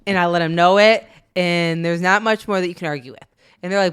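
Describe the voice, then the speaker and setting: A woman's voice: fairly low pitch, a little fast, clear, resonant tone. A middle-aged woman co-hosting a parenting podcast, telling family stories in a chatty way with frequent laughs. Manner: chatty storytelling, laughs often, frequent "you know". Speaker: podcast co-host. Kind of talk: casual chat.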